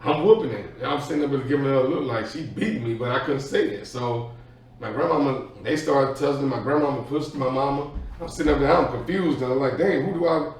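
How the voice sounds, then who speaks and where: A man telling an animated childhood story in a casual podcast chat. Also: medium pitch, fairly quick. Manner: animated, acts out voices in his story. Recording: echoey room, far from the mic.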